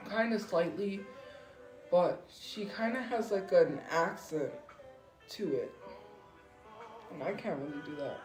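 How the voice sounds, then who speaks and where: Slow, rambling woman on a livestream. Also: fairly low pitch, a little mellow, roomy sound, rough recording. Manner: rambling, filler-heavy, self-deprecating. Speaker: livestream host. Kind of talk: casual livestream chat. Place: home room. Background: faint music playing.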